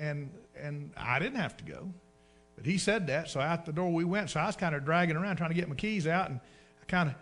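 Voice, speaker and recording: A man preaching a sermon, telling folksy stories, using dialect and dragging out words for emphasis. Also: fairly high pitch. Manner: folksy storytelling, dialect double negatives.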